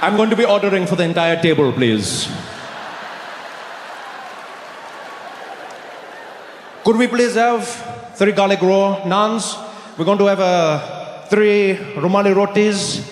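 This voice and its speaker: Man playing a show-off ordering for the table in a thick put-on accent, loud, slow, very formal, echoey hall. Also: sits high, voice pushed down, natural voice. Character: the narrator himself, showily ordering food in an exaggerated put-on accent. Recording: echoey hall with faint noise.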